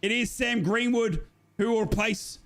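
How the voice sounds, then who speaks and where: High-voiced excitable male football commentator. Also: unhurried. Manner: shouts and gushes at big moments, jokey. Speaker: live fan commentator.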